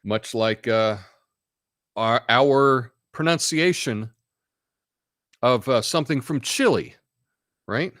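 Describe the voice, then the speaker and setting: A man in the middle of a casual live stream, drifting from one thought to the next with plenty of ums and restarts. His voice sits at an ordinary pitch, and it is recorded dry and close with no room echo. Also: slow, long pauses, fairly bright tone. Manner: rambling, offhand, reads chat comments aloud.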